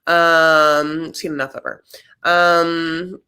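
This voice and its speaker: A woman's voice: low voice, little pitch movement, very slow, sharp tone, smooth. A woman co-hosting a casual reality TV recap show, chatty and gossipy, calling people honey. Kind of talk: casual chat.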